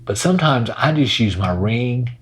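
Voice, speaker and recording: A man's voice: medium pitch, lively intonation, normal speed, husky. A man teaching a casual guitar lesson in a laid-back way, talking while he plays. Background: his own acoustic guitar playing.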